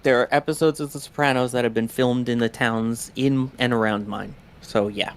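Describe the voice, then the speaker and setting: A man's voice: mid-range voice, steady tone, a little hiss or hum. A man with a North Jersey accent co-hosting a livestream, chatting casually and joking with his co-hosts. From New Jersey, born in New York. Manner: joking, teasing, quick to laugh. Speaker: livestream co-host.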